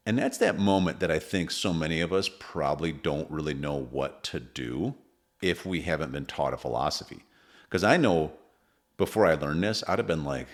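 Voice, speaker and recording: An earnest man with an extremely deep, low voice co-hosts a casual podcast conversation. He tells stories at length and often stops to restart a sentence. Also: expressive, normal speed. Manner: earnest, storytelling with frequent restarts. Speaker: parenting podcast co-host.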